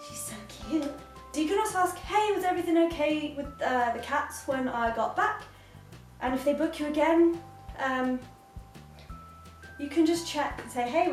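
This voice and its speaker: A woman vlogging casual advice as a cat sitter, chatty and giggly, talking at home with a cat on her lap. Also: sits high. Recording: roomy, slightly distant, faint music.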